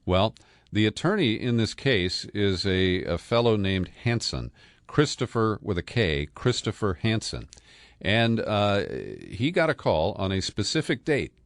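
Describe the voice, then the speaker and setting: A man's voice: lowish voice, expressive, a little slow, no room sound, clean studio sound. A man hosting a political podcast, talking through the news in a sardonic, conversational way with frequent fillers and chuckles. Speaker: podcast host.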